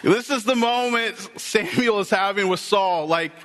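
A male pastor preaching a sermon, telling the story with lively, acted-out dialogue. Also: sits high, measured pace, hardly any pauses, in a large hall.

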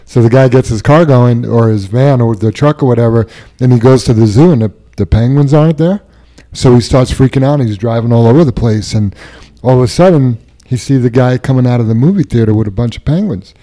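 A man hosting a relaxed group talk, telling stories in an easygoing, joking way. His pitch sits in the middle and he laughs easily between lines. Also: fairly quick. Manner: jokey storyteller, laughs easily. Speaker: host. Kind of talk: casual chat.

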